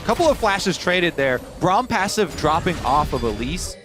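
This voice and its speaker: A man co-casting an esports match, chiming in with quick asides and short reads of the play. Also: sits high, very animated, over music. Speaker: esports co-caster. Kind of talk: esports commentary.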